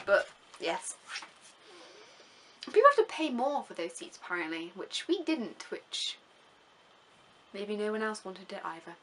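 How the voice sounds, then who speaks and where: A woman's voice: medium pitch, very animated, unhurried, long pauses, background noise. A young woman from England, talking casually over her travel vlog in a chatty, rambling way full of fillers. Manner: chatty and rambling, with many fillers and gushing words. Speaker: vlogger.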